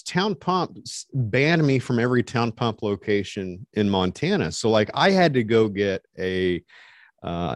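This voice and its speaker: A man's voice: lowish voice, no echo, studio quality. A man telling a long story as an interview guest, rambling with many fillers and restarts. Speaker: interview guest, street evangelist. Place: Montana resident.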